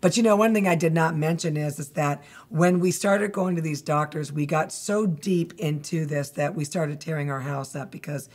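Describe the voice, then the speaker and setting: A middle-aged woman with a low voice tells her own story as a guest. She talks candidly and rambles, circling back through her memories. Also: moderate pace, hardly any pauses, a little mellow. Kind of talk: testimony interview.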